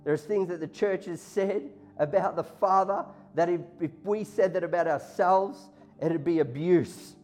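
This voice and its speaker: Impassioned man preaching over soft music. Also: high-pitched, measured pace, few pauses. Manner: impassioned, voicing God and listeners in quotes. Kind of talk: sermon. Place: church hall before a congregation. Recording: faint music behind.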